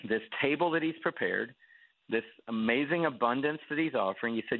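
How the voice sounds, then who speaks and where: A man who is a guest preacher, telling a story with animated delivery and acting out the voices of the people in it. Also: mid-range voice, a little fast, no room sound. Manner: acts out quoted voices. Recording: tinny phone line.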